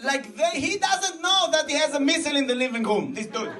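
An Israeli man performing stand-up comedy in animated, broken English, laughing at his own jokes, recorded from a stage before a live audience. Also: very high-pitched, a little fast. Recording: distant stage mic, loud audience laughter.

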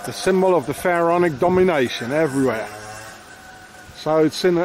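A man's voice: a little high, expressive, brisk, background noise. A man rambling through a walking tour vlog of castle ruins in a forest, muttering asides and slang, recorded on a handheld camera outdoors. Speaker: travel vlogger. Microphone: handheld camera mic.

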